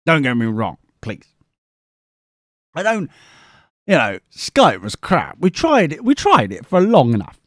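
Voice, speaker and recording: A man's voice: fairly high pitch, wildly swooping pitch, measured pace, long pauses, no room sound, studio quality. A tired man, hosting a live podcast in a rambling, scatterbrained, self-mocking way. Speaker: podcast host. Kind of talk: rambling live-show chat.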